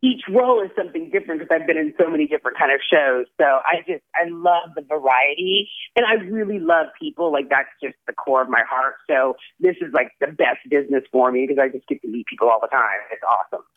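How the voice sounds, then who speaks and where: A man's voice: a little high, a little fast, hardly any pauses. A man, an actor guest, chatting effusively in an interview, full of "like" and "you know". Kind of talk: casual interview chat. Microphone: phone call. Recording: tinny phone line.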